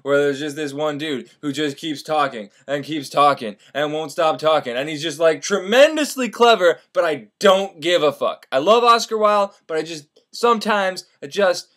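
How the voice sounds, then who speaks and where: High-voiced man swearing through a comic retelling. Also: normal speed, hardly any pauses. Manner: profane, rambling, animated, jumps into silly voices for characters. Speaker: storyteller retelling a classic novel.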